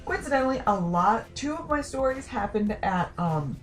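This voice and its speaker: A young adult woman chatting casually to camera, rambling and self-deprecating with quick asides. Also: on the high side, big pitch swings, soft background music. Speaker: vlogger. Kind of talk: casual talking-to-camera chat.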